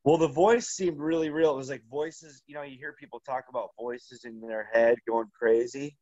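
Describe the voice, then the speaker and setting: A man telling a long, rambling story as an interview guest, halting and full of restarts. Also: mid-range voice, fairly even intonation, darkish tone, no echo, highs cut off. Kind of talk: casual storytelling.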